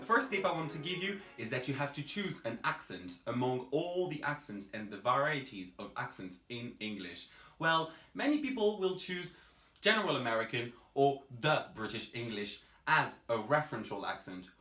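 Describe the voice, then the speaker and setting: A young man from France, teaching English pronunciation to camera, emphatic and spelling out sounds slowly. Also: medium pitch, very animated, sharp tone, roomy sound.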